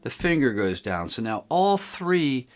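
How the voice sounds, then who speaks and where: A man giving a casual guitar lesson on video, explaining in a relaxed, rambling way and counting the picking aloud. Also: mid-range voice, normal speed. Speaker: guitar teacher. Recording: loud guitar playing behind.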